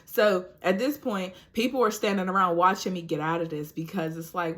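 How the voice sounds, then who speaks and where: Lively young woman telling her story. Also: lowish voice, normal speed, few pauses. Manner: animated, acts out quoted voices, laughs often. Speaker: vlogger. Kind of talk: casual storytelling vlog.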